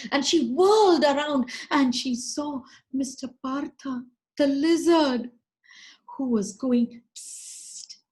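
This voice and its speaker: A woman from India with an Indian English accent telling a story in an expressive, dramatic way. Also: high voice. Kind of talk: storytelling performance.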